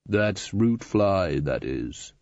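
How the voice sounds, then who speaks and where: Casting: slow, deep, menacing villager, put on by a man, storybook, muffled. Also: sing-song, a little mellow, no echo, full character voice. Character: menacing slow-voiced rural male villagers.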